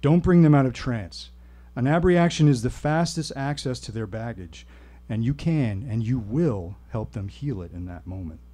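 A man voicing an earnest male hypnosis teacher who speaks gravely and gives firm instructions. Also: mid-range voice, animated, moderate pace, warm tone, lightly acted. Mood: commanding.

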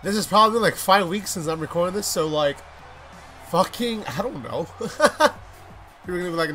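A young man giving profane let's play commentary on a wrestling game, muttering low asides and then shouting at what happens on screen. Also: expressive, normal speed, faint music behind. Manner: swears constantly, swings from mumbling asides to shouting at the game. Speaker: gaming YouTuber.

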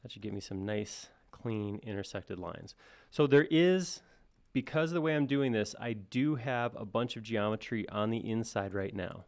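A man with a lowish, gravelly voice walks through a live software tutorial. He thinks aloud as he goes and jokes at his own expense in a relaxed, chatty way. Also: moderate pace. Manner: thinks aloud, casual and self-deprecating. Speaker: software instructor. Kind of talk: live-stream modeling tutorial.

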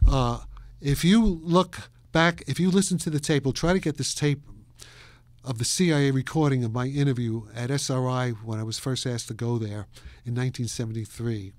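A man's voice: medium pitch, moderate pace, no room sound. A man of about eighty from New York, an interview guest telling long, rambling stories with frequent laughs and restarts. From New York, USA. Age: around 80. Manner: animated, laughs often, trails off and restarts.

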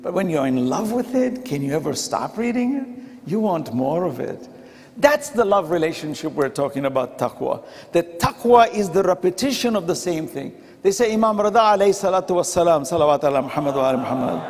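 A man's voice: fairly high pitch, animated, fairly quick. A man giving a conversational sermon in a mosque, acting out the quoted dialogue as he goes. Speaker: preacher. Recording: reverberant mosque hall.

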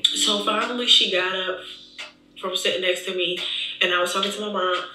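A woman vlogger telling an emotional story in an animated, chatty way, talking straight to her viewers. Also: medium pitch, moderate pace, music in the background. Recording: echoey room, distant mic.

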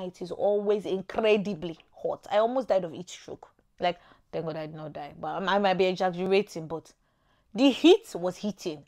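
Animated Nigerian woman vlogging. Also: fairly low pitch. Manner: animated, emphatic, repeats points for stress. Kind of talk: casual chat to camera.

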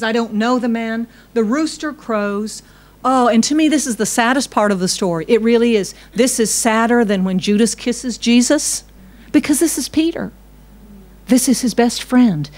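A woman's voice: medium pitch, a little mellow. A woman pastor, preaching a conversational sermon and putting questions to her congregation.

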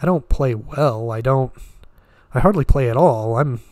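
A man's voice: mid-range voice, measured pace, darkish tone, dry recording, clean studio sound, close to an everyday voice. Flustered, stammering young man, voiced by a man. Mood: apologetic. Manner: fumbling, apologetic. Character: flustered, embarrassed young houseguest.

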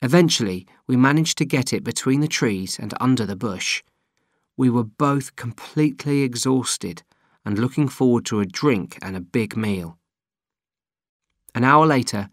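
A man narrating an audiobook in a plain, steady reading voice. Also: mid-range voice, unhurried, no echo, clean studio sound. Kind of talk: scripted narration.

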